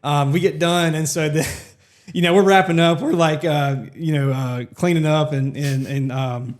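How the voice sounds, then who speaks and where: Rambling self-deprecating man, slightly high. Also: steady tone, normal speed. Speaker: podcast co-host, worship ministry member. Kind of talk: casual storytelling chat.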